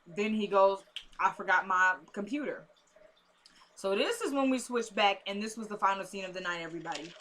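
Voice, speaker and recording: Woman host recapping a TV episode, casual and chatty, bright tone, faint background noise. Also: medium pitch, a little fast. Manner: chatty, drifts into asides, addresses "y'all".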